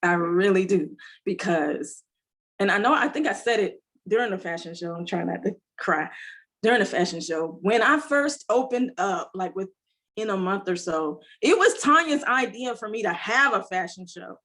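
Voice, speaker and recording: A woman's voice: mid-range voice, animated, moderate pace, a bit bright. A woman entrepreneur telling a heartfelt story in an interview, rambling with many fillers. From United States. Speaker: entrepreneur guest. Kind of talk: emotional conversational interview.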